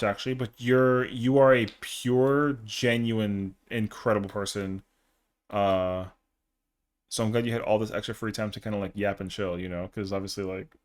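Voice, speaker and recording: Slangy young man chatting on stream. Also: mid-range voice. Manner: slangy, rambling, heavy on fillers. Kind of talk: casual live-stream chat.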